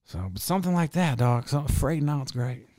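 A man's voice: fairly high pitch, animated, normal speed, darkish tone, no room sound, clean studio sound. A young man hosting a podcast, talking in a loose, rambling, profane way with frequent laughter. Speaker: podcast host. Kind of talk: casual chat.

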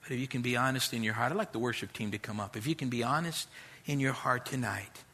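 A man's voice: medium pitch, fast talker, bright, forceful tone. A middle-aged man preaching a sermon as pastor, direct and conversational, with street slang.

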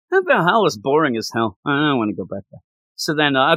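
A man chatting casually as a podcast host, reviewing a comic book with excited, gushing enthusiasm and lots of stumbling restarts. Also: on the high side, moderate pace, dry recording.

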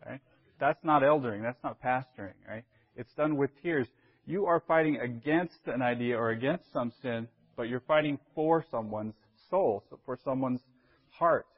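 A man's voice: medium pitch, moderate pace, dull audio. A man, a church elder, teaching a Bible class in a conversational way, often checking in with his listeners.

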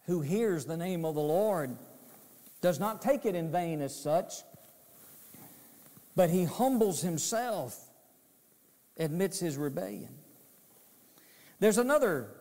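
A male preacher delivering a sermon slowly and emphatically, his high voice swinging widely in pitch. The long reverb of a church sanctuary hangs on each phrase. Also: darkish tone. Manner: emphatic, repetitive, dramatic storytelling.

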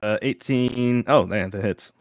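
A man's voice: medium pitch, unhurried, dry recording, studio quality. A man playing a tabletop game, thinking aloud and hesitating as he decides. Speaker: player.

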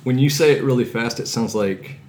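A man hosting a casual podcast interview, playful and quick to joke and laugh. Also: mid-range voice, darkish tone. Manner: playful, jokey, laughs often. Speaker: podcast host.

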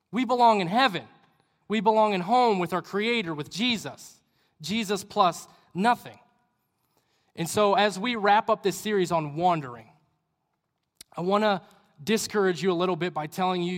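A young adult man giving a conversational sermon as a youth pastor, acting out people's inner questions and dropping to quiet asides. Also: high voice. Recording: long hall reverb.

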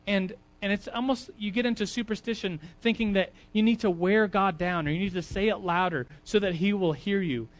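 A male preacher giving an informal, chatty sermon with a slightly high voice. He drifts into quiet asides and then rises into loud emphasis, and fillers scatter through his talk. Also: a little fast, few pauses. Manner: chatty, conversational, with frequent fillers.

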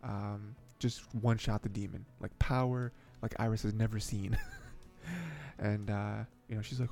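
A man chatting casually through an anime recap, his voice gravelly with a warm, mellow tone. He rambles, chuckles often and leans on fillers, with faint music underneath. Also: lowish voice, little pitch movement, moderate pace. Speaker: anime podcast host. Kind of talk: casual episode recap and commentary.

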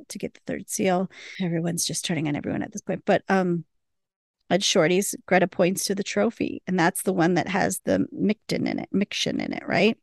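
Gravelly-voiced woman recapping an episode. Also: fairly low pitch, no echo, clean studio sound. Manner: retells scenes quoting characters, chatty. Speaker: podcast co-host.

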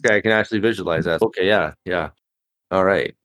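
A man's voice: low-pitched, quick pace, a bit bright, dry recording. A man playing a tabletop game, partly in character, with wry joking asides. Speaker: player.

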